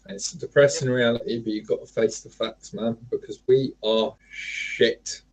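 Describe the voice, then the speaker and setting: Husky, gloomy blunt man. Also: mid-range voice, steady tone, normal speed, low-quality recording. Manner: gloomy, blunt, repeats himself. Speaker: livestream co-host. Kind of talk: casual chat.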